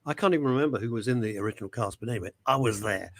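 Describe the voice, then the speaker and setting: A man's voice: on the low side, racing. A man hosting a talk show, bantering and teasing in a theatrical way. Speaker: host.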